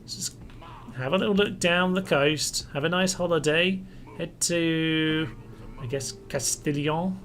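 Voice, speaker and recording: A man's voice: moderate pace, a bit bright. A man giving casual, wry commentary as he plays a strategy game, thinking aloud and mildly exasperated by setbacks. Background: faint music and air conditioner rumble.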